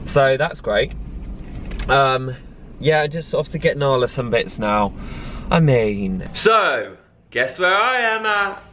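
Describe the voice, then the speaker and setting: A young man chatting excitedly to camera in a casual vlog, self-mocking and talkative. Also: mid-range voice, slow, long pauses, slight background noise. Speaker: vlogger. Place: in a car and out and about.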